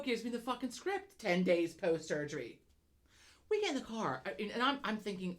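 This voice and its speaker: A woman's voice: mid-range voice, very animated, a little fast. A woman co-hosting a casual chat, telling a rambling, profane story with frequent restarts and laughter. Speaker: podcast co-host.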